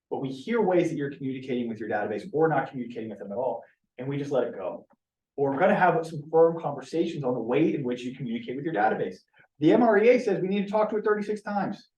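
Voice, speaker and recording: A man's voice: mid-range voice, a little mellow. A man leading a team meeting who speaks in an earnest, direct way and often restarts his sentences. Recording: roomy, from a distance.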